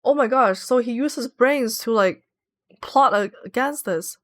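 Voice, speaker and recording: A woman's voice: a little high, measured pace. A woman streaming a game, chatting casually and giggling as she reads viewer messages aloud. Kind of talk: casual livestream chat.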